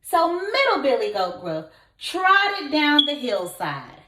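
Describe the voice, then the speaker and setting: Female kindergarten teacher reading aloud: slow, lively pitch, bright-ish voice, echoey room. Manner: expressive, asks the children questions. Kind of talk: storybook read-aloud for children.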